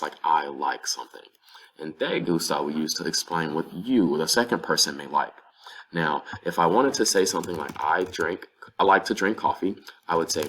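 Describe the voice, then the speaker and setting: A man with a very low, deep voice teaches a language lesson. He explains things patiently and step by step, working through example phrases. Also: a bit bright, slight background noise. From North Carolina, USA. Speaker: Spanish teacher.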